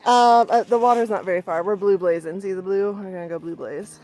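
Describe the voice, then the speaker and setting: A young hiking vlogger films a casual trail vlog on a mountain path with a handheld camera, chatting and laughing often and sometimes out of breath as she talks to her dog and friends. Her medium-pitched voice is steady, brisk and mellow. Soft music plays behind a rough recording.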